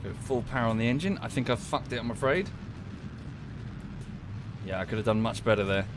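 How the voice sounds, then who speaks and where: A man's voice: medium pitch, brisk, background noise. A man giving casual, dry, self-deprecating commentary while livestreaming a game, often muttering to himself. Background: game music.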